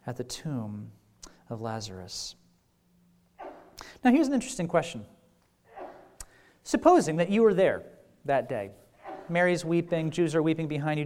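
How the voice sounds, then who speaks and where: A man's voice: on the high side, a little mellow. A man giving a conversational sermon, informal and full of repeated words and "like"s, with wry, self-deprecating humor. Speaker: preacher.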